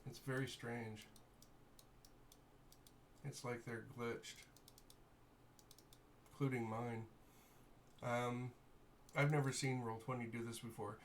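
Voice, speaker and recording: An easygoing man runs a tabletop game as game master, his voice at an ordinary middle pitch. He talks players through the setup, often muttering half to himself. A faint hiss of noise sits under his voice. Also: little pitch movement, slow, long pauses. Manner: easygoing, muttering to himself while fixing software. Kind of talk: running a tabletop game online.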